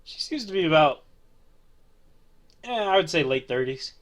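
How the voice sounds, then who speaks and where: A man's voice: fairly high pitch, expressive, moderate pace. A man narrating a tabletop role-play as game master, easygoing and hesitant.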